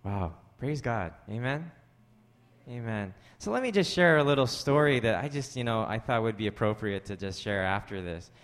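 A man's voice: lowish voice, normal speed, long reverb tail. Conversational male pastor preaching. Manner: conversational, jokey asides, rising animated when joking. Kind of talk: sermon with storytelling.

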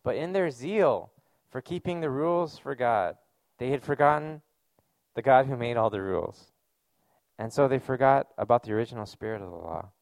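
Male pastor, gravelly, dry close sound, casual earnest sermon delivery. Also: medium pitch, expressive, normal speed, darkish tone, dry recording. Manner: conversational, earnest preaching with casual fillers.

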